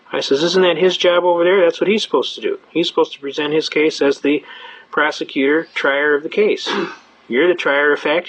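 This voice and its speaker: A man giving a lecture at a quick pace, telling a folksy story and acting out the dialogue. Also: fairly high pitch, a bit bright. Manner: rapid, folksy, acts out dialogue. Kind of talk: fast-paced lecture with storytelling. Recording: dull lo-fi remastered lecture tape.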